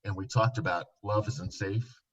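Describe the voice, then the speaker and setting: A man, a licensed counselor, earnestly recounting a therapy session in a podcast interview, often dropping to a soft, low voice. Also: fairly even intonation, moderate pace, husky, lo-fi sound.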